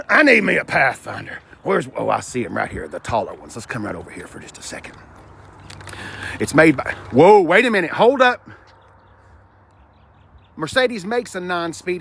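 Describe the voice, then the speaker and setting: A man vlogging on a car dealership lot, chatty and animated, talking to the cars and his viewers. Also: high-pitched, normal speed, vocal fry, breathy edge. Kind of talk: live-streamed dealership walkaround.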